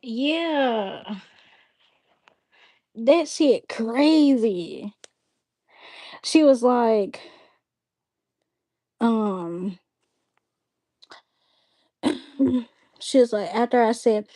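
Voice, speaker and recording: A woman's voice: a little high, very slow, pauses often, mellow. A woman hosting a livestream, telling a story in casual chat, blunt and exasperated, with frequent cursing. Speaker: livestream host.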